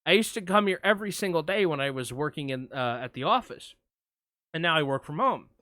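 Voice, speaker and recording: A man's voice: fairly high pitch, brisk, dry recording, studio quality. A man co-hosting a podcast, telling a long anecdote in casual chat and acting out what people said. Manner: animated anecdote telling, acts out quotes. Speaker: podcast co-host.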